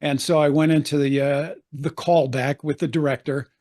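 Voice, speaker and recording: A man's voice: on the high side, fairly even intonation, normal speed, darkish tone. An older man, an actor, telling anecdotes in a chatty interview, laughing often and acting out the voices he quotes. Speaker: actor guest.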